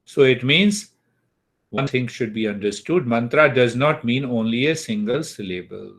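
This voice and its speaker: A man teaching an online class on mantras, speaking deliberately and checking in with his students. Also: medium pitch, expressive, a bit bright. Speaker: spiritual teacher.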